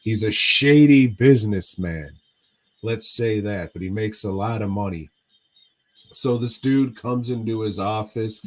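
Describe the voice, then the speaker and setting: A man drawls through a movie recap on a podcast at an unhurried pace. His voice sits on the low side, and he talks in a profane, rambling way. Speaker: podcast co-host. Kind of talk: casual chat, recapping a movie.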